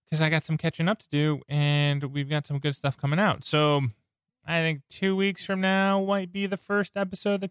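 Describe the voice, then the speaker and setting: Male podcast host, under the weather, strained voice, rambling and excited, dry close-mic sound. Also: a little high, clean tone, no echo. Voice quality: sounds like something in his mouth. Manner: rambling, enthusiastic, self-interrupting. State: sick, voice strained. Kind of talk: casual podcast chat.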